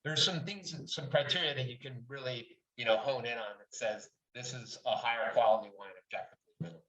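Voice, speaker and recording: A man's voice: mid-range voice, a little fast, fairly bright tone. Candid middle-aged man, distant roomy audio. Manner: candid and enthusiastic, swears freely. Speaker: guest, wine writer. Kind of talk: casual interview chat.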